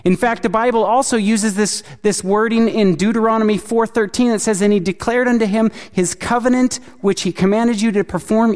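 A man's voice: high voice, a little mellow. Earnest male preacher in a reverberant hall. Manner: earnest, asks the listeners many questions. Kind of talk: sermon.

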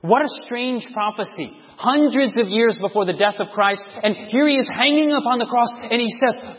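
A man preaching a sermon, reading scripture dramatically and sinking to a near-hush on key words. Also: extremely high pitch, moderate pace, hardly any pauses, slightly rough. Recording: dull lo-fi sound with long hall reverb.

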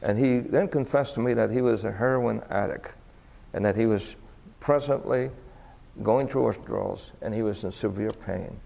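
A man with a fairly low, creaky voice preaches at a moderate pace in a big-sounding room. Animated as he tells his sermon stories, he lets his voice rise sharply to act out the people and their exclamations.

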